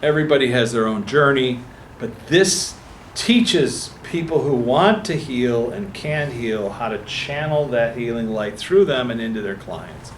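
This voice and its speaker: Animated male storyteller in an echoey room. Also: mid-range voice, measured pace, slight background noise. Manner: animated storyteller acting out quoted voices. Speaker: speaker at a book talk. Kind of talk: storytelling talk to an audience. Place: meeting room before an audience. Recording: echoey room with faint ambience.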